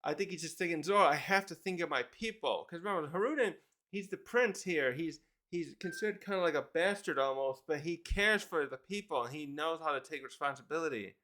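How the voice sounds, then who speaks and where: Man, manga reviewer, casual rambling, self-correcting, bright tense tone, fairly high voice. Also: fairly quick. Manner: rambling, self-correcting, reads panels aloud.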